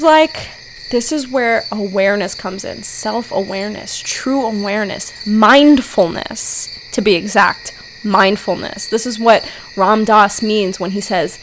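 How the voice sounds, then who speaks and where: An excitable woman hosts her solo podcast, chatting casually and rambling between thoughts. Her voice sits at an ordinary middle pitch. She peppers nearly every sentence with the same mild swear word. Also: a little hiss or hum, low-quality recording. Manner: excitable, peppers speech with "freaking". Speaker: podcast host.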